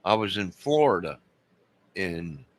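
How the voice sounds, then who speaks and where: A man's voice: deep voice, very animated, a little slow. A man in his fifties chatting live with viewers, rambling and losing his train of thought. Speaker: live streamer.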